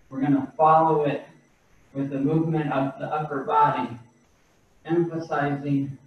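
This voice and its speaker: Slow, calm man guiding breathing. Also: fairly high pitch. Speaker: qigong instructor. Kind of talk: guiding a movement class. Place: studio room, over a video call. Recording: roomy, distant, dull video-call audio.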